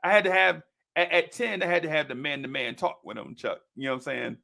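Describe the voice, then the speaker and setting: Gravelly animated man telling stories. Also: fairly high pitch, fast talker. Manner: animated, slangy, laughs a lot. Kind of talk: casual storytelling chat.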